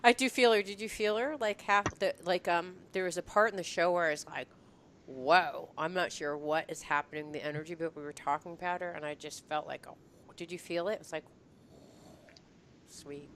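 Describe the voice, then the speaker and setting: A woman's voice: on the low side, steady tone, normal speed, fairly bright tone, a little hiss or hum. A woman hosting a podcast in casual chat, giggling often and talking with many fillers. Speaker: podcast host.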